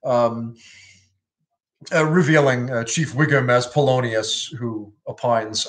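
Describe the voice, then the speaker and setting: Casting note: a man with a middle-pitched voice, wry and halting, chatting through a scene. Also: fairly bright tone. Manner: halting, full of "uh" and restarts, wry. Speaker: literature explainer. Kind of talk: casual explanatory commentary.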